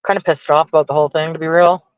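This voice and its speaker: A man's voice: a little high, flat delivery, very fast, clean tone, no echo, muffled recording. A man venting casually to his stream viewers, profane and exasperated as he rants. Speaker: livestreamer talking to chat.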